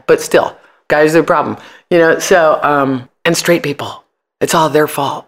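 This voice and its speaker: A man's voice: on the high side, fairly quick, a bit bright. A man in his forties, an interview guest, telling stories in a blunt, profane way and mimicking the people he quotes. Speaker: interview guest, punk musician and comedian. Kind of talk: casual interview storytelling.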